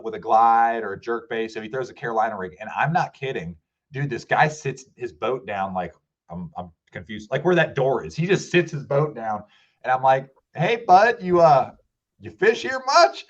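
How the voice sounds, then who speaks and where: A man guest on a fishing podcast, telling a story in a lively, casual way and acting out what people said. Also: mid-range voice, highs cut off. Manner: animated, acts out quoted voices.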